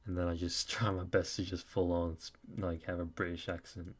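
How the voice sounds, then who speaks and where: A man's voice: low voice, little pitch movement, moderate pace. A Norwegian man with an American-leaning accent chatting casually to viewers on a live stream, rambling with lots of fillers. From Norway.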